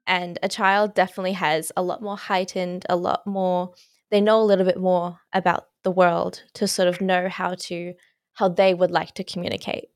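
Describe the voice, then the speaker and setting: A woman's voice: fairly low pitch, level tone, normal speed, dry recording, clean studio sound. A young woman hosting a parenting podcast, asking long, hesitant questions full of "sort of". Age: young adult. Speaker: podcast host. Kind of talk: conversational podcast interview.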